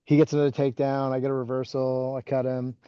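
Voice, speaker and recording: A man in his forties talks as a podcast guest, his voice mellow and relaxed as he rambles through stories with constant "like" and restarts. The recording is dry and a little dull, as if through modest gear. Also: medium pitch, fast, clean tone, dry recording. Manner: rambling, heavy use of "like" and restarts. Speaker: podcast guest, former wrestling coach. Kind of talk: casual interview storytelling.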